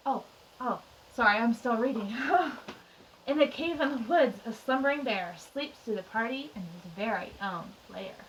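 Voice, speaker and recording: A woman teacher reading a picture book aloud to young children, expressive and chatty with little asides. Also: on the high side, a little slow, slight background noise. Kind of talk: children's storytime read-aloud. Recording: distant mic.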